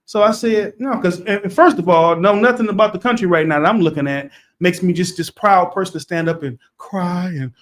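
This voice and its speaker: Middle-aged guy on a podcast, high voice, animated storytelling, repeats himself, gets loud. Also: fairly quick, hardly any pauses. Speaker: podcast co-host. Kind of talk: casual storytelling chat.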